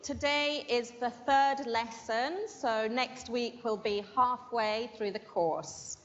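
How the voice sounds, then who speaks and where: A woman's voice: fairly high pitch, slow, fairly bright tone. A woman teaching an English class in a classroom and leading a dictation, patiently repeating each word twice. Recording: dull lo-fi sound with long room reverb.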